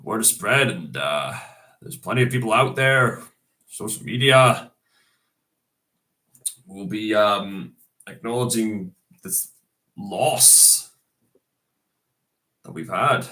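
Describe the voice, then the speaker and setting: Casual host, man, getting over a cold; slow, halting delivery, fairly low voice. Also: animated, bright, forceful tone. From Scotland. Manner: hesitant, many fillers and restarts. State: recovering from a cold, coughing. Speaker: video host. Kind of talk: casual tribute talk.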